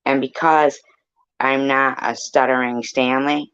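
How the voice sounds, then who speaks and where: A man's voice: medium pitch, little pitch movement, measured pace, fairly bright tone, clear, resonant tone, muffled recording. A man hosting a casual live chat room, rambling and blunt, swearing now and then.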